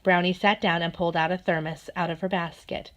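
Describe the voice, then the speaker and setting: A woman narrating a children's storybook in a gentle, steady manner. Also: lowish voice, a little fast, background noise. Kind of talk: storybook read-aloud.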